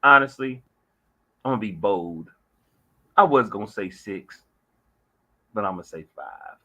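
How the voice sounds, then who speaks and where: A man's voice: lowish voice, unhurried. A man co-hosting a casual sports chat, telling stories loosely with laughter. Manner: loose, animated storytelling with laughter.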